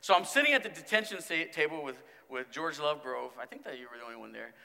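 A man who is a student pastor, preaching a sermon and acting out stories, swinging from mumbled quotes to loud exclamations. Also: on the high side, lively intonation, quick pace, vocal fry. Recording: long hall reverb.

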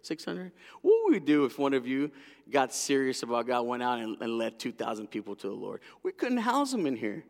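A middle-aged man preaching a sermon as a pastor, an animated storyteller whose lively delivery drops to hushed intensity. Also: medium pitch, a little fast, vocal fry. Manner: animated storyteller, acting out voices. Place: large church hall. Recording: long hall reverb.

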